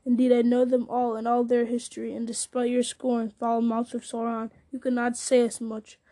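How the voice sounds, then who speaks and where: A woman reading aloud, voicing a stern, steady old male wizard. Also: fairly high pitch, normal speed, lightly acted.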